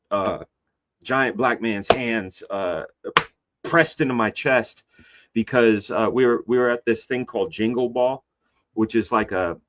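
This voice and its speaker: A man, a comic book artist, telling a rambling story in casual conversation, jumping into high voices to act out quotes. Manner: animated, acts out quoted voices with big pitch jumps; loose and rambling with many fillers and restarts. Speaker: guest. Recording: slightly dull lo-fi sound.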